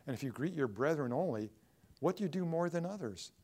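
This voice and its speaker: A man preaching a sermon to a congregation, acting out quoted pleas in a raised voice and dropping to a hush for quieter passages. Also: on the high side, animated, brisk. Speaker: pastor.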